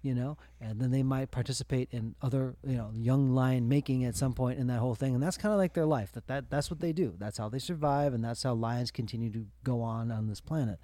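A man's voice: medium pitch, fairly quick, hardly any pauses, dark tone. A man co-hosting a podcast, talking casually and thinking aloud with lots of fillers. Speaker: podcast co-host.

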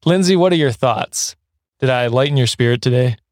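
A man's voice: medium pitch, a little fast, no room sound, clean studio sound. Laid-back male podcast host. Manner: rambling, self-correcting, laughs often. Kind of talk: casual podcast chat.

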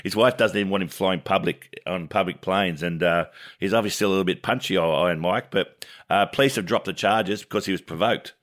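A man's voice: deep voice, brisk, fairly bright tone. A man co-hosting a sports podcast, chatting casually and laughing often as he tells stories.

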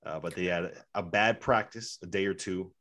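A man hosting a podcast, asking his guest questions in a measured, conversational way. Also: low voice, sharp tone. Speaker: podcast host. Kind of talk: interview questions.

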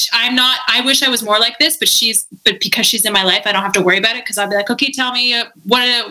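A woman telling a story in a casual chat, animated and laughing often, with lots of "like". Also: on the high side, low-quality recording. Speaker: podcast guest.

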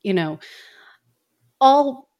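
A woman co-hosting a podcast in casual chat, talkative and quick to laugh, with lots of fillers. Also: high voice, animated, a little mellow. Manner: chatty, laughs often, many fillers. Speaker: podcast co-host.

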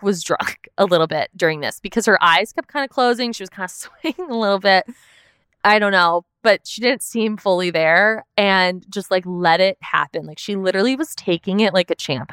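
In a smooth, fairly bright voice of medium pitch, a young female podcast host chats casually through a reality show recap, saying "like" a lot and swearing now and then. The sound is dry and studio-clean.

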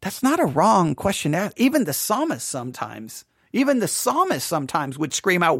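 A man with a high voice delivers an earnest, sermon-style talk, stumbling and circling back over his words as he presses a point. The sound is close and dry, with no room around it. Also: huge pitch swings, moderate pace, creaky, hardly any pauses, a bit bright, no echo. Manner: earnest, repeats and restarts phrases, rises when quoting cries. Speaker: preacher. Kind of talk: impassioned sermon-style commentary.

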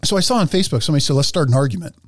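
Slightly high-voiced man, casual podcast chat. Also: lively intonation, very fast, very noisy. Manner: rambling, laughs between words; reads news aloud. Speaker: podcast co-host.

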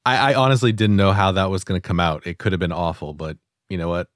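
Low-voiced, easygoing male podcast co-host. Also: fast talker, dry recording, studio quality. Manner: relaxed and easygoing, with hesitant restarts. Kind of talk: casual podcast chat.

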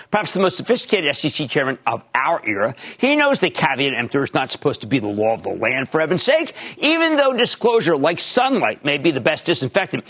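An older man hosting a market call-in show, emphatic and rapid-fire, shouting his catchphrases. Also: on the high side. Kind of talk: loud call-in lightning round and commentary.

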